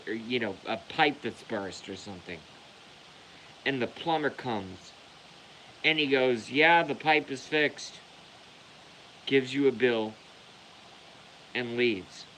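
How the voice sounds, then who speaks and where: A man's voice: mid-range voice, a bit bright, slight background noise, rough recording. A man delivering a heated, profane rant to the camera as a vlogger. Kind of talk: angry rant.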